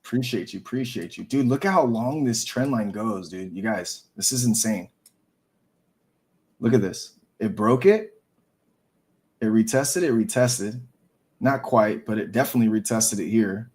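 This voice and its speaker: A man hosting a live trading stream, talking excitedly with lots of slang and swearing. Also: fairly low pitch, normal speed. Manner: excitable, profane, calls everyone dude and bro.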